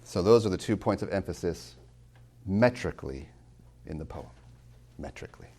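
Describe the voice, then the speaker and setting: A man lecturing on poetry as a college tutor. He slows down to stress key words, swings from loud to near-whispered, and drops wry asides to his students. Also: sits low, animated. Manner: dramatic swings in loudness, drops to near whispers when savoring lines; slow, deliberate emphasis on key words.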